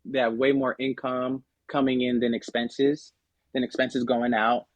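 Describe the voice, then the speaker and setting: A man's voice: mid-range voice, level tone, a little slow, dry recording. A man talking through money personality types on a personal finance podcast, casual and conversational, with frequent fillers and restarts. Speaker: podcast guest. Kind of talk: casual explanatory podcast talk.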